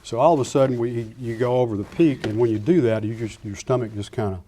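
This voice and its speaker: An older man, a retired Air Force pilot, giving a lecture full of anecdotes and acting out the dialogue with lively restarts. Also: mid-range voice, fast, a little hiss or hum. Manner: animated storyteller acting out dialogue, frequent restarts.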